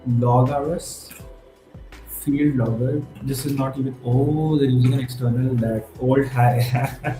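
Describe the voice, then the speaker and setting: A man in his twenties streaming a live coding session, thinking aloud and getting excited, mixing in Hindi words. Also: medium pitch, takes it slowly. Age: 20s. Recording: roomy with faint music behind.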